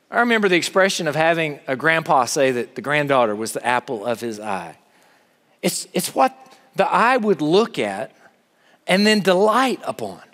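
A middle-aged man delivers a sermon in a big chapel hall, his slightly high voice trailing into a long reverb. He keeps it conversational, tossing rhetorical questions out to the listeners. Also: fairly bright tone. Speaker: campus chapel speaker.

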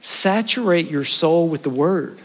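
A man, a pastor preaching an earnest sermon to his congregation, trading quick asides for slow, stressed points. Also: on the high side, animated, in a large hall. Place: church sanctuary.

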